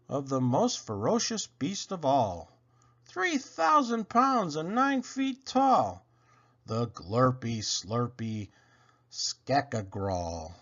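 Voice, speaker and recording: A man's voice: medium pitch, pushed and bright, highs cut off. A man reading children's poems aloud, playful and theatrical. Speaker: children's book reader.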